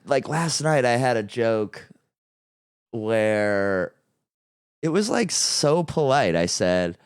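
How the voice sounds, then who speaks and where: A man hosting a podcast who tells stand-up stories in a rambling, animated way and swears freely. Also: mid-range voice, slow, smooth, dry recording, clean studio sound. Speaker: podcast host and stand-up comic. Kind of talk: casual chat.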